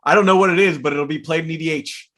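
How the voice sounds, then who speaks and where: Man, slightly high voice, casual podcast co-host, reads card text aloud, relaxed. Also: quick pace. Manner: laid-back, reads card text aloud, frequent fillers. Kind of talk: casual chat about card game spoilers.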